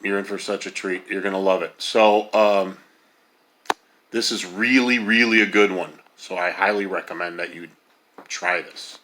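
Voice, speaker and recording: A man's voice: deep voice, fairly even intonation, moderate pace, pushed and bright. A man in his fifties hosting a casual cooking video, talking in a rambling way with lots of ums and uhs. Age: 50s. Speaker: home cook host.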